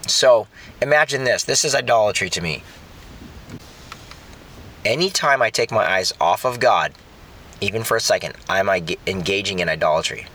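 A man's voice: on the low side, normal speed, long pauses, sharp tone. A middle-aged man preaching a sermon in a conversational way, often repeating words while he thinks. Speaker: pastor.

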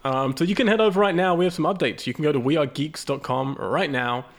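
A man hosting a casual podcast, his voice hoarse and raspy from a recent illness, talking in a loose, rambling way and laughing often. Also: on the high side, fast. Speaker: podcast host.

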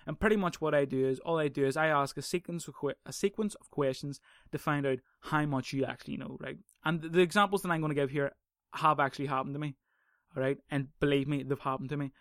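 A man's voice: on the high side, steady tone, fast talker, dry recording, studio quality. A man hosting a podcast, talking off the cuff in a profane, heated rant that keeps drifting into tangents. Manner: profane, ranting, goes off on tangents; heated and emphatic. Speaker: podcast host. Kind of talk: casual monologue on arguing.

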